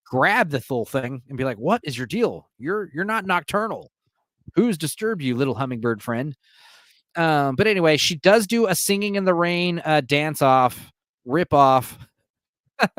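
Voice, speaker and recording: A man's voice: on the high side, no room sound, studio quality. A man streaming alone, giving a casual, profane movie recap and laughing often.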